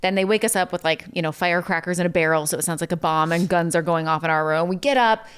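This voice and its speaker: Young woman guest rambling through a story, lots of likes and ums, smooth lowish voice. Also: fast talker, fairly bright tone. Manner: chatty, lots of "like" and "um", acts out quotes. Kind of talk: casual storytelling interview.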